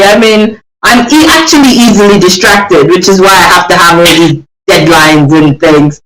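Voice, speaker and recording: A man guest in a casual interview, telling animated stories about himself and poking fun at himself. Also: high-pitched, normal speed, few pauses. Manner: animated storyteller, acts out quotes, self-mocking. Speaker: guest, children's author. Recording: roomy, distant mic, crowd behind.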